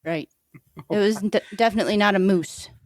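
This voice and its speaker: A woman co-hosting a comedy podcast who tells crude jokes with deadpan delivery and playful banter. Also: mid-range voice, brisk, no echo, studio quality. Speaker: podcast co-host telling jokes.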